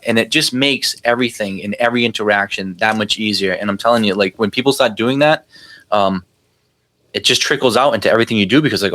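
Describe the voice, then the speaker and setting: Man, podcast guest, fast profane storytelling, bright forceful voice. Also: mid-range voice. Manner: rambling, profane, emphatic storytelling. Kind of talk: casual conversation.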